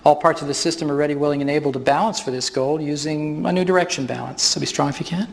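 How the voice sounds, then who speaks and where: A man's voice: a little high, quick pace, vocal fry, slight background noise. A man presenting a live stage demonstration at a workshop, explaining as he goes and chuckling often. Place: large hall with audience. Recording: reverberant hall.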